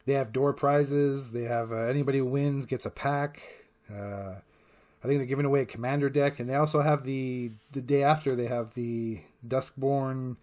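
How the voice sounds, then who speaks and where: A man's voice: mid-range voice, steady tone, normal speed, darkish tone. A man hosting his own channel, rambling casually and swearing freely, with frequent fillers and restarts. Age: adult parent. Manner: rambling and profane, heavy with fillers. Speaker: channel host. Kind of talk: casual rambling vlog monologue.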